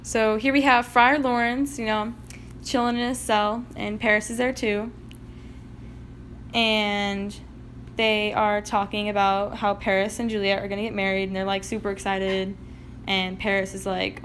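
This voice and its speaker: A woman's voice: medium pitch, flat delivery, normal speed, fairly bright tone, a little hiss or hum. A young woman casually retelling a play in slangy, laid-back words. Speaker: narrator.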